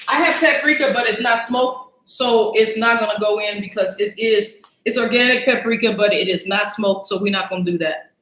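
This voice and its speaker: A woman's voice: medium pitch, normal speed, a bit bright, roomy sound. A woman hosting a casual live cooking stream, chatty and self-mocking as she talks to her viewers from a home kitchen. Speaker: cooking show host.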